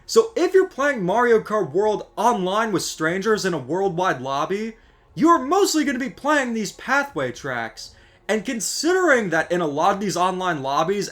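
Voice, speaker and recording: A man rants in a scripted gaming commentary, his voice sitting high and leaping around with lively swings of pitch. He sounds exasperated and lays on the sarcasm. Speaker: gaming video creator.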